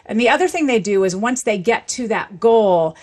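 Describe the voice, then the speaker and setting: A woman's voice: a little high, expressive, normal speed. A woman linguist, a guest expert, explaining eagerly in an interview and laughing often. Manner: enthusiastic, lecturing, laughs often.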